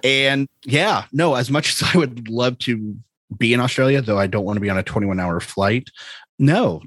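A man's voice: mid-range voice, lively intonation, moderate pace, no room sound. American man, podcast co-host, loose joking ramble, dry close-miked sound. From United States. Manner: rambling, jokey, laughs often. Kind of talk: casual chat.

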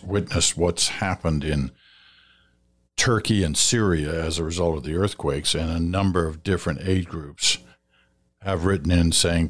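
A man hosting a listener feedback segment on radio, talking in a measured, advising way with some fillers and restarts. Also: a bass voice. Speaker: radio host reading listener letters. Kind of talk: conversational radio commentary.

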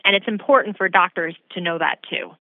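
A woman physician answering interview questions in a measured, explanatory way. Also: fairly low pitch, no room sound. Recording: tinny phone-like dry sound.

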